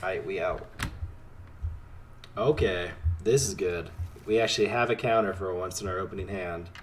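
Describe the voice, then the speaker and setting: A man giving casual commentary while playing a card game, talking to his opponent and swinging between excited outbursts and quiet muttering. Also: deep voice, brisk, slight background noise.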